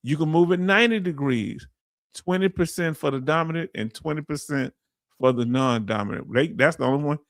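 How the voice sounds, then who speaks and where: Southern guy running a live chat stream, reads comments out loud, kinda high voice, no room echo. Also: a little fast, studio quality. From Southern United States. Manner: reads out viewer comments and explains with loose grammar. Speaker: livestream host. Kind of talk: casual livestream chat.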